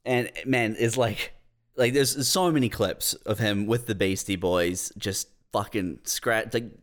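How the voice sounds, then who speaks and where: A man's voice: on the low side, unhurried. A young man co-hosting a casual comedy podcast. He tells stories expressively and swears casually. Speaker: podcast co-host.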